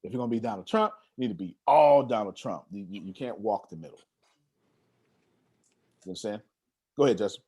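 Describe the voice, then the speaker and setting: A man's voice: fairly low pitch, fairly quick, long pauses, slightly rough. A man hosting an online meeting on a video call, talking in a casual motivational way with streetwise slang and a lot of repetition. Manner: animated, streetwise slang, repeats himself.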